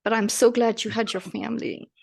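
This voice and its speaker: A woman's voice: on the high side, fairly even intonation, gravelly, darkish tone, husky. A woman hosting a podcast, asking her guest questions and answering his story with brief supportive sounds. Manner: supportive, quick affirmations. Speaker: podcast host. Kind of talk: interviewing, casual chat.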